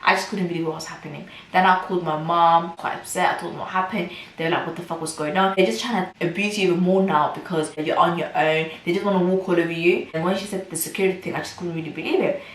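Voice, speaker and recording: Young woman, lowish voice, emphatic storytime vlogger, recorded at a distance. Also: steady tone, fast, hardly any pauses. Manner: emphatic, repetitive retelling. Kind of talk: storytime vlog. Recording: roomy, from a distance.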